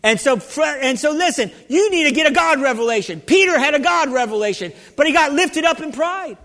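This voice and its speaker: A man's voice: very high-pitched, expressive, brisk, a bit bright. A man preaching a sermon with fervor, calling out questions to his congregation. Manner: fervent, calls out to the congregation. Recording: long hall reverb.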